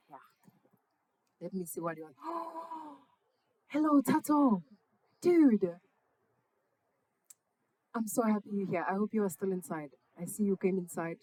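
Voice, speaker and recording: Young woman singer chatting between songs, mid-pitched, loose, slangy, swears freely, calls people baby and dude. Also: lively intonation, slow, long pauses, darkish tone, breathy edge, no echo, poor audio. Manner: laid-back, slangy, affectionate, swears freely. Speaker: singer-songwriter hosting a live session. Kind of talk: casual chat between songs. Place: parents' backyard, outdoors.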